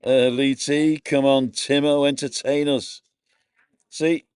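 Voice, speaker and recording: A man's voice: mid-range voice, level tone, slow pace, darkish tone, clean tone, no echo, studio quality. A middle-aged man casually chatting on a live stream from a bar, greeting viewers by name and wearing earphones.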